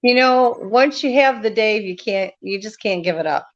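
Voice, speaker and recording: A woman's voice: mid-range voice, lively intonation, moderate pace. Woman guest on dull video call. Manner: chatty, laughs easily. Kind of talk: casual chat over a video call.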